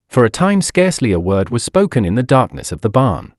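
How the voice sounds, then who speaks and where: Expressive male audiobook narrator, dry close sound. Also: medium pitch, a little fast, dry recording. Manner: expressive dramatic reading.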